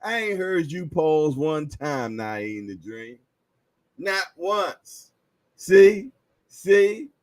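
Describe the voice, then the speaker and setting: A man's voice: fairly high pitch, very animated, very slow, no room sound. Laid-back slangy male boxing host. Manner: laid-back slang, frequent laughs, repeats "yeah, yeah". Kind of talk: casual livestream chat.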